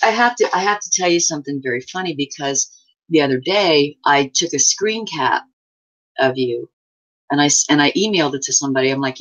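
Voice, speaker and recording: A man chatting casually as a fellow channel host, quick and laughing easily. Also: fairly high pitch, lively intonation, fairly bright tone, rough recording. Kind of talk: casual chat.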